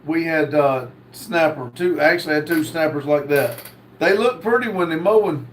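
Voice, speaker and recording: A man hosting a casual livestream, reading viewer comments aloud in a slow drawl. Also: a little high, slight background noise. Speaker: livestream host reading chat.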